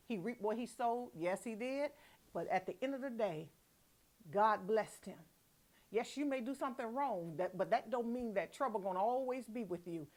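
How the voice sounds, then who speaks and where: A woman evangelist giving devotional Bible teaching. She reads scripture slowly and emphatically, then explains it in casual, chatty asides. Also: medium pitch. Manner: laughs at herself, repeats words.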